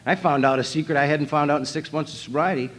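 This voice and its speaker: A man's voice: a little high, fast, a bit bright, a little hiss or hum. A man from North Dakota telling his recovery story at a convention, wry and self-mocking, acting out his own past thoughts. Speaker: recovery meeting speaker. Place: convention hall.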